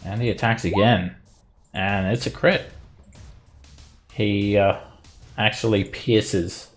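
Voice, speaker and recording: A man narrating as game master of a tabletop game, in a relaxed way with many fillers. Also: fairly low pitch, slow pace, soft background music.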